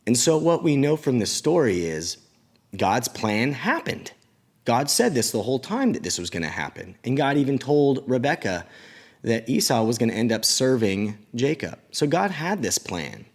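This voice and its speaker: A man who teaches children at church, retelling a Bible story in a casual, animated way with chatty asides. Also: mid-range voice, normal speed.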